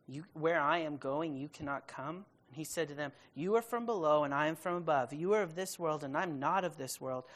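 A woman with a fairly low voice leads a Bible study. She reads scripture aloud, then retells it in loose, casual speech. She stretches important words out slowly for emphasis. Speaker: Bible teacher.

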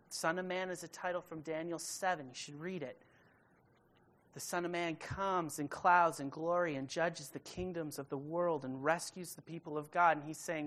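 A woman with a fairly low voice leads a Bible study. She reads scripture aloud, then retells it in loose, casual speech. She stretches important words out slowly for emphasis. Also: fairly even intonation. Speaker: Bible teacher.

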